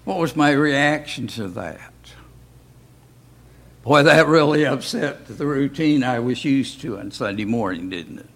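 A man's voice: mid-range voice, a little slow, a bit bright. A man teaching an informal Bible class in a church, talking in a folksy way and often asking rhetorical questions. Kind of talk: informal Bible study talk.

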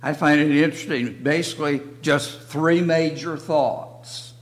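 An older man teaching a church Bible lesson in slow, halting short phrases. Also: a little high, fairly even intonation. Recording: long reverb of a hall.

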